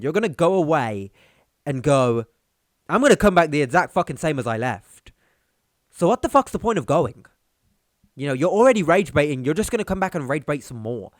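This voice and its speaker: A young man rants and mocks in a commentary video. His voice sits somewhat high for a man. The sound is dry and close, with no room around it. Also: dry recording. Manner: blunt, mocking, ranting. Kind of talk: reaction commentary.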